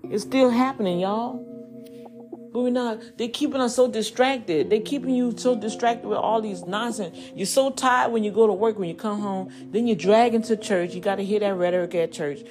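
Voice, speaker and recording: A woman hosting a podcast, preaching in a casual way to listeners she calls y'all. She swoops up high when she gets fired up and drops low and quiet for asides. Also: normal speed. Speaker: podcast host.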